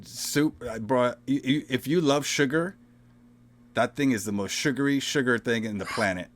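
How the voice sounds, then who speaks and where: A man's voice: mid-range voice, normal speed. Profane, rambling podcast co-host man. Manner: profane, says "bro" and "all right?" a lot. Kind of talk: casual horror movie podcast chat.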